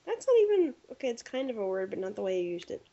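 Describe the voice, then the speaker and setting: Lady podcast host telling shop stories, lively, kinda muffled sound. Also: medium pitch, rapid-fire. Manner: animated storyteller acting out quotes. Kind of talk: casual chat, anecdote telling.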